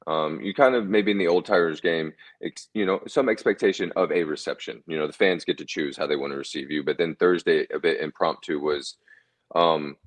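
A man, a former ballplayer, telling relaxed anecdotes as a guest in a casual interview, often chuckling. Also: rumbling low, fairly quick. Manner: laid-back, chuckling anecdotes.

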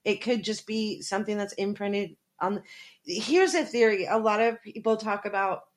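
A woman's voice: medium pitch, moderate pace. A woman hosting an interview, asking eager, curious questions in a casual way. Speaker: podcast host.

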